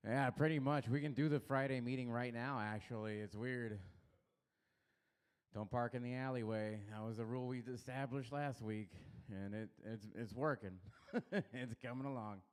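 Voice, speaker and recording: A man's voice: medium pitch, steady tone, normal speed, clear, resonant tone. A young man doing a rambling, self-deprecating stand-up set in a small comedy club. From Los Angeles area.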